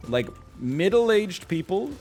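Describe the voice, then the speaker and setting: A man's voice: high-pitched, takes it slowly, soft background music. A man giving casual, rambling gameplay commentary, joking and telling stories as he plays. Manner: rambling, joking, animated storyteller. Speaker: gaming commentator.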